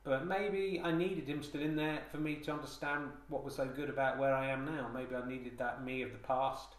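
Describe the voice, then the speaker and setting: A comedy podcast host delivers a rambling, mock-solemn monologue at normal speed, stopping and restarting often. His voice sits at medium pitch with fairly even intonation. The echo of a roomy space comes through on the handheld digital recorder.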